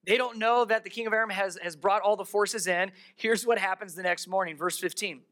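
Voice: medium pitch, steady tone, a little fast, a bit bright. A pastor preaching a sermon in a conversational way, retelling a scripture story with asides to the congregation. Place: church service held in a darkened theater.

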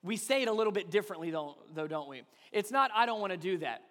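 Male pastor, high-pitched, lively sermon storyteller, congregation call-and-response, reverberant hall. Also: fast. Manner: animated storytelling, acts out phrases, asks congregation to repeat.

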